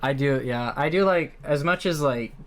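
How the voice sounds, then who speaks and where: A man co-hosting a podcast, talking in a relaxed, chatty way full of filler words. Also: a little high, moderate pace, a little hiss or hum. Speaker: podcast co-host. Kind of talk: casual fan discussion.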